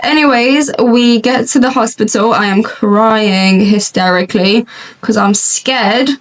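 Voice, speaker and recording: A woman's voice: fairly high pitch, recorded from a distance, low-quality recording. A young woman telling a long story while doing her makeup, chatty and rambling, laughing often. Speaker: beauty vlogger. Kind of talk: chatty get-ready-with-me storytelling. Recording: voice slightly off-mic.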